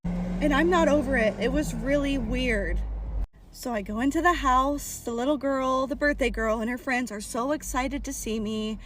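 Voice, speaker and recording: Excited higher-voiced woman telling a story. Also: normal speed, noisy background. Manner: excited, acts out the child's voice. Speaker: party performer and psychic medium. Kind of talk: casual storytelling to camera.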